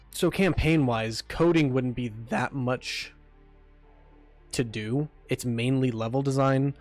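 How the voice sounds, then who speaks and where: A man chatting casually on a livestream about building his game, rambling with lots of ums and restarts while eating. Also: medium pitch. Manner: rambling, many fillers and restarts. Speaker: game developer streamer.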